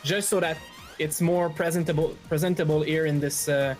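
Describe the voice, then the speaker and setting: A speedrunner giving relaxed, filler-heavy live commentary while playing, a little out of breath. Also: medium pitch, moderate pace, soft background music. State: slightly out of breath.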